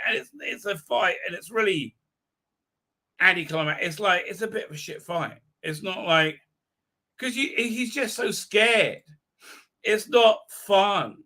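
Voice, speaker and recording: A man hosting a livestream, his voice fairly high and very bright. He rambles in exasperated, crude fan commentary, full of "uh"s. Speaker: livestream host.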